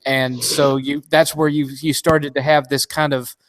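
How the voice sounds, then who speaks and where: A man's voice: fairly high pitch, level tone, measured pace, no echo, clean studio sound. A man talking in a casual podcast chat, rambling with many restarts and fillers.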